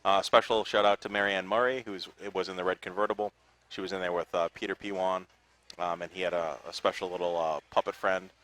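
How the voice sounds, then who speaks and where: A man's voice: sits low, steady tone, fast talker, fairly bright tone. A man co-hosting a live broadcast outdoors at a parade, reading thank-yous with many fillers. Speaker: co-host. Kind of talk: casual live broadcast chat.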